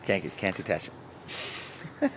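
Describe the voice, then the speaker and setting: A man's voice: measured pace, a bit bright. A man in casual podcast chat who rambles and jokes about plant breeding, often laughing. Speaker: cannabis breeder and show guest.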